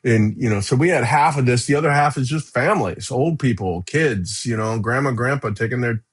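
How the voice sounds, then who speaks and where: A man's voice: mid-range voice, a little fast, breathy edge. Middle-aged man telling a wild story. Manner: lively storyteller, acts out shouts and quotes, many "you know, right?" fillers. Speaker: guest. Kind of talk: casual storytelling.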